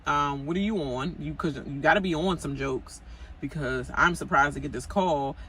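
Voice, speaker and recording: A woman's voice: low-pitched, normal speed, a bit bright, slight background noise, low-quality recording. Gossipy woman ranting through a TV recap. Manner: gossipy and chatty, many fillers, talks straight to cast members. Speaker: TV recap vlogger. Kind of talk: casual reality-TV recap rant.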